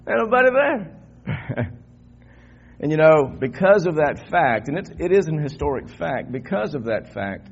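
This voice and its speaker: A man's voice: a little high, animated, normal speed, a little mellow, slightly rough. An older man preaching an Easter sermon in a church, talking conversationally and climbing into fervent emphasis. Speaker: pastor. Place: church sanctuary. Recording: dull lo-fi church recording.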